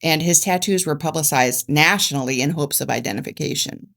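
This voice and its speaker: A woman with a very low voice reads true-crime case notes aloud on a podcast. She keeps it factual but stumbles and restarts on words now and then. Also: fairly quick, creaky, fairly bright tone. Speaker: podcast co-host.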